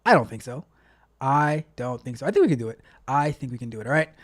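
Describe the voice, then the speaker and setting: Tech coach guy on a livestream, very animated pitch, joking with chat, pep-talk vibe. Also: fast talker. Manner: playful, repeats himself a lot. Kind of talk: casual livestream chat with viewers.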